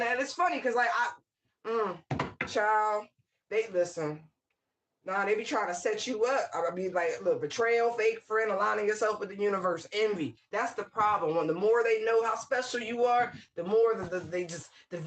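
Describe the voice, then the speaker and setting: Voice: mid-range voice, normal speed, a bit bright, a little hiss or hum. A tarot reader talks through a spiritual reading in a loose, unscripted monologue. The delivery is blunt and peppered with swearing, drifting into wry asides. Laughter keeps breaking into the sentences. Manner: laughs often mid-sentence.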